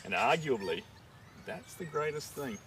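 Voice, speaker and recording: A man's voice: on the high side, sing-song, unhurried, fairly bright tone. A man chatting casually on a live stream while painting a dog portrait, rambling and joking as he thinks aloud. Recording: distant mic with outdoor noise.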